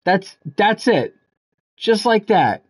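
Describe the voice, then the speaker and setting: A man's voice: sits high, sing-song, takes it slowly. Joking man streaming games. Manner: loose, joking, swears freely. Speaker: game streamer. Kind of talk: casual live-stream chat while gaming.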